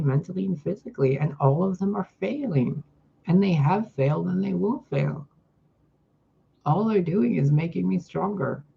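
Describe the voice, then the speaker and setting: A woman's voice: on the low side, gravelly, warm tone, dull audio, a little hiss or hum. A woman vlogging in a casual, profane, exasperated rant into a phone mic.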